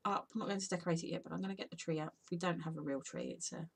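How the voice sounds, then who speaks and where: A woman's voice: on the low side, steady tone, racing, vocal fry, slightly rough. A tired woman, chatting casually to camera in an unscripted home vlog, rambling and sometimes dropping to a whisper. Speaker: vlogger and podcaster.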